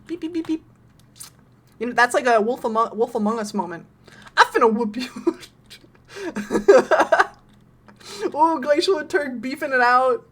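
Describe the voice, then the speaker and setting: A young woman streaming a horror game, excitable, laughing often and swearing casually. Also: high-pitched, unhurried, long pauses. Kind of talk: casual gameplay commentary.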